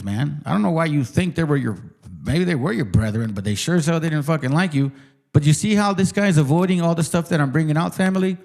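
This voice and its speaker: A channel host with a voice on the high side and a little mellow rants casually and heatedly at his viewers. He's profane, mocking and combative, repeating words for emphasis.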